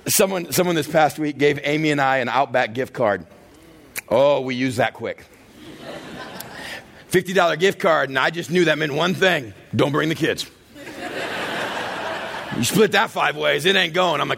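A middle-aged man preaching a comedic sermon in a church, animated storytelling that acts out characters and often shouts and laughs. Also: mid-range voice, fairly quick, gravelly. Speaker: pastor.

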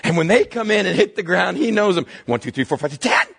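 A man preaching a sermon as pastor, telling a Bible story with animated voices and sudden hushed low asides. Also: a little fast, vocal fry, slightly rough.

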